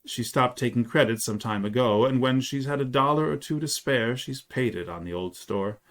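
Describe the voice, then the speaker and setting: A man's voice: mid-range voice, moderate pace, close to an everyday voice. A man reading aloud as a good-hearted, talkative shopkeeper who rambles in a folksy way. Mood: warm. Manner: chatty, folksy.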